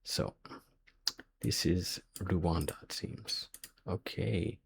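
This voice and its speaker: A man's voice: sits low, very slow, creaky, a little hiss or hum. A man thinking aloud as he works through a quiz, hesitant and muttering guesses to himself. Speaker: quiz video host.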